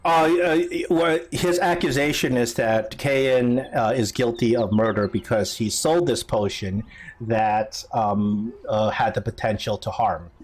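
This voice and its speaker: A man's voice: mid-range voice, unhurried. A man running a tabletop game as dungeon master, narrating hesitantly with many fillers and laughs.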